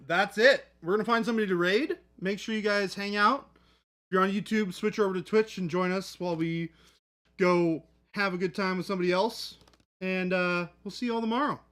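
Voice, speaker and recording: A man's voice: high-pitched, steady tone, brisk, fairly bright tone, roomy sound. A man hosting a live hobby stream, chatting casually and joking with the chat. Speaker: livestream host. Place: hobby studio.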